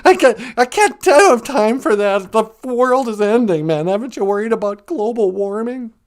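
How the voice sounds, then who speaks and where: A man's voice: sits high, animated, moderate pace, pitched above the performer's own voice. A man voicing a panicky male cowardly lion who calls in and rambles about his fears. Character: jittery anxious male cowardly lion caller. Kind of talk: comedy podcast bit.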